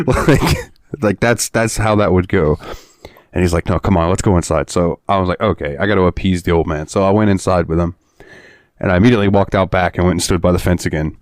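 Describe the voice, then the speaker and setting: Low-voiced man telling a rambling story. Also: brisk, no echo, studio quality. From Florida. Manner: rambling, laughing, swearing freely. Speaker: podcast co-host. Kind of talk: casual storytelling chat.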